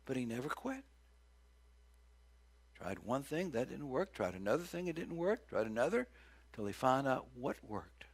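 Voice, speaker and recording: A middle-aged man preaching a sermon as pastor, folksy and joking, with big loud swings when he acts out cries. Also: mid-range voice, sing-song, normal speed.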